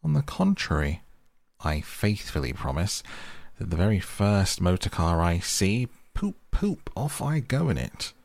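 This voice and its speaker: A man doing a boastful, reckless toad gentleman. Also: sits low, sing-song, measured pace, gravelly, no echo, exaggerated voice. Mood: impatient. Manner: impatient, emphatic, gleeful outbursts. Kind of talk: storybook reading.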